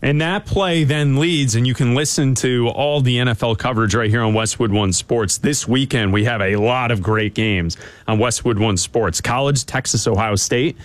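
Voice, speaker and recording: A man co-hosting a sports radio show, chatty and teasing with his partner and reading promos briskly. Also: mid-range voice, slight background noise. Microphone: studio microphone.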